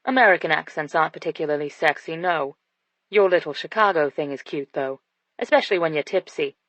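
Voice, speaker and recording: A woman reading an audiobook, voicing a confident, flirtatious British businessman with a low, teasing delivery. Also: a little fast, a bit bright, no room sound. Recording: dull dry studio sound.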